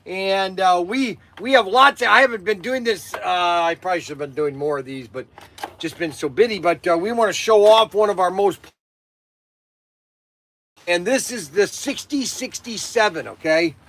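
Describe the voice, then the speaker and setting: Excitable male shop host pitching toys, high and bright. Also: moderate pace. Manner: excitable salesman, hollering and laughing. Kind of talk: live-stream product pitch.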